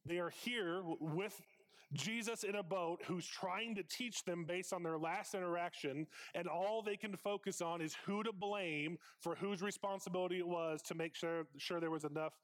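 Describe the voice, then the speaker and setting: Male preacher, conversational sermon, emphatic repetition, rhetorical questions to the congregation, voice a touch high. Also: normal speed, a bit bright. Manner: emphatic, repeats phrases for stress.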